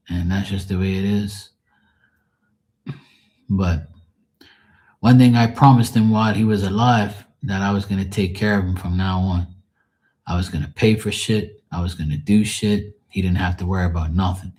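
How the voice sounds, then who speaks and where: A man's voice: sits low, steady tone, moderate pace, darkish tone. A middle-aged man hosting a live tarot stream, chatting casually, telling blunt stories full of swearing and greeting viewers by name. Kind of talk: casual livestream chat.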